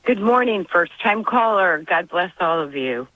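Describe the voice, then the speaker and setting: A woman's voice: fairly low pitch, animated, measured pace, pushed and bright, dry recording. A woman calling in to a radio show, talking in an earnest, emotional, devout way. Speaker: caller. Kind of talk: call-in radio conversation. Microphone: phone. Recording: dull dry phone line.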